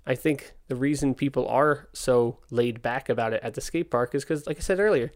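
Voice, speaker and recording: A young man, a podcast host, telling a story in casual, candid talk, exasperated, and acting out the dialogue. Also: mid-range voice. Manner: candid, exasperated, acts out dialogue in quick quotes. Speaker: podcast host, skate park owner.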